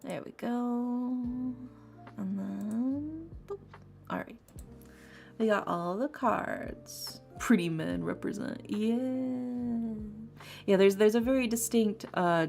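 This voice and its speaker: Slow and creaky, with a darkish mid-range voice, a woman streams casual tarot readings from her home setup. Rambling and chatty, she laughs a lot and repeats herself while faint lofi music hums behind her.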